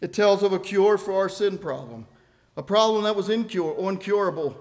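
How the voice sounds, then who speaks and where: An older man preaching a sermon, building to emphatic loud phrases and then dropping to a quiet, low delivery. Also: lively intonation, moderate pace.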